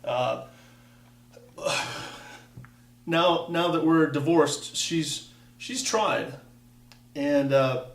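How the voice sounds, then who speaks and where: Gravelly and a little high, this man takes his time, recorded from a distance in an echoey room. He's a fifties-aged Wisconsin vlogger telling a meandering personal story with wry side comments and frequent restarts.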